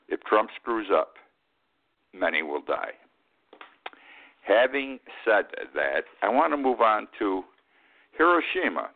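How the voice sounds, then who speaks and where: A man in his eighties hosting a radio talk show, giving plainspoken, opinionated commentary. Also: deep voice. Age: 80s. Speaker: host. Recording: tinny phone-like line.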